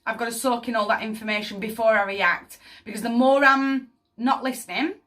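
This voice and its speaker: Over soft background music, a woman reads tarot with plenty of emotion and keeps asking "does that make sense." She speaks a little fast in a fairly high, bright voice.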